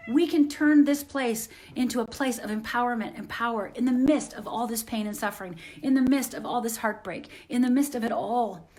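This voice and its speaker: A woman's voice: a little high, fairly quick, hardly any pauses, a little mellow. A woman hosting a motivational live stream from home on her phone. She talks in an earnest, encouraging way and often repeats phrases.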